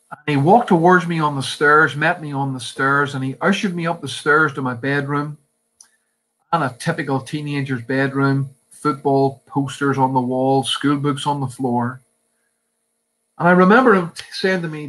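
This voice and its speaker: Earnest Northern Irish pastor. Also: male voice, mid-range voice, fairly bright tone, low-quality recording. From Northern Ireland. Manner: earnest storytelling, emphatic pauses. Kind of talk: sermon testimony.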